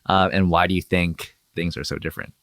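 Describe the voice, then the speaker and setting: Low-voiced male podcast host. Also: steady tone, fairly quick, fairly bright tone, dry recording, studio quality. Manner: reflective, sums up the guest's points. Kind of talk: casual interview.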